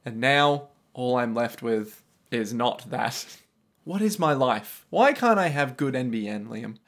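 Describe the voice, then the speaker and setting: A man co-hosting a casual podcast chat about an anime, talking in an excitable, exaggerated way. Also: mid-range voice, unhurried. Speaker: podcast co-host.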